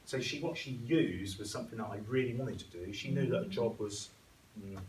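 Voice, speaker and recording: A young man's brisk, mid-range voice carries through an echoey school hall, captured from a distance with a little hiss or hum. As guest speaker, he gives a chatty, self-deprecating talk and acts out what other people told him.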